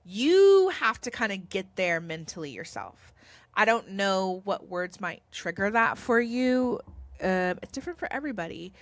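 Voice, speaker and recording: Speaking in a medium-pitched voice on a dry recording, a woman vlogger gives a casual spiritual talk to camera. She's tearful, earnest and reassuring, and tends to ramble.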